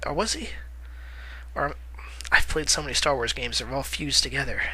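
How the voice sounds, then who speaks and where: A man's voice: medium pitch, expressive, moderate pace, sharp tone, slightly rough, rough recording. A man giving casual movie-news commentary in a vlog, rambling with lots of "uh" fillers, correcting himself and chuckling wryly at his own remarks.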